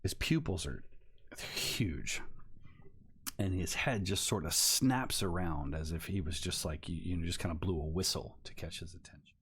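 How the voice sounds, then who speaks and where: A man's voice: sits low, moderate pace, fairly bright tone, husky. A man narrating a tabletop horror game as game master, building suspense and sometimes dropping to a whisper.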